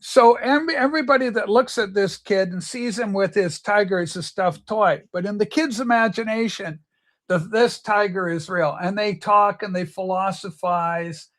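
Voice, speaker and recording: A man's voice: sits high, normal speed, fairly bright tone. A man hosting a casual livestream chat, telling stories with eager enthusiasm. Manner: chatty, enthusiastic storyteller. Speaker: livestream host.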